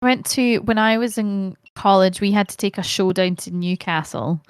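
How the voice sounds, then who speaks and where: A Scottish woman, a podcast guest, telling stories in an animated way, laughing and swearing freely. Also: mid-range voice, moderate pace, smooth, no room sound, clean studio sound. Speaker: podcast guest, actor and streamer. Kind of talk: casual chat.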